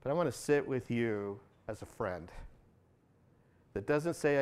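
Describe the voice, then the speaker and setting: A man's voice: expressive, takes it slowly, long pauses, smooth. A man preaching a sermon to a congregation in a church, talking conversationally, asking the audience questions and acting out quotes. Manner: conversational, asks the audience questions, acts out quotes with rising pitch. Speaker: pastor.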